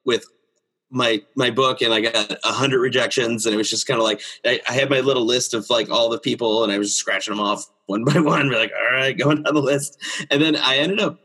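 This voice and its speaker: A man in his thirties, a children's book illustrator, chatting as an interview guest and acting out quotes in a high voice with frequent laughs. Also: fairly quick, slightly rough. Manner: animated storyteller, acts out quotes in a high voice, laughs often. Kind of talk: casual interview chat.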